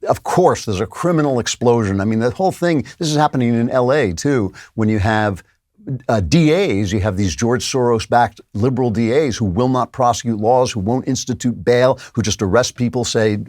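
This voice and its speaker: A man's voice: medium pitch, moderate pace, a little mellow, no echo. An older man hosting a political commentary show, sardonic and mocking, talking into a studio mic. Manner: sardonic, laughs at opponents, mocking voices in quotes. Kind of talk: opinion show monologue.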